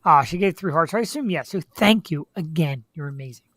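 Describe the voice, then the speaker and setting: A talkative woman hosts a live web show in loose banter. Her pitch swings up and down freely as she rambles and laughs along. The sound is dry and close. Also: animated, fast, no room sound. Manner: chatty, laughs easily, rambling. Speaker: show host.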